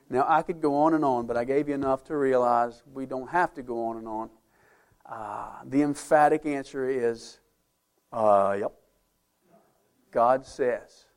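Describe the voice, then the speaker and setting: A man preaching a sermon as pastor, emphatic, with conversational asides to the congregation. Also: medium pitch. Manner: emphatic preaching, rising and falling loudness.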